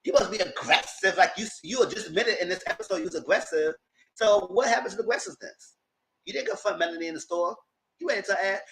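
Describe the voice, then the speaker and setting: A man's voice: high-pitched, quick pace, background noise. A man hosting a live TV review show, recapping episodes in a slangy, gossipy way. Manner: animated, slangy, gossipy retelling. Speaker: TV review host.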